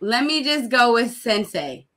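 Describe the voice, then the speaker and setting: A woman playing as a contestant in a casual game show, talking quickly and excitedly. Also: a little high, noisy background.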